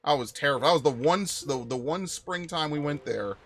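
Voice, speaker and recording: A young man streaming a video game, chatting casually with viewers and rambling through stories with sudden loud outbursts. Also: a little high, animated, fairly quick, faint music behind. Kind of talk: casual live-stream chat while playing.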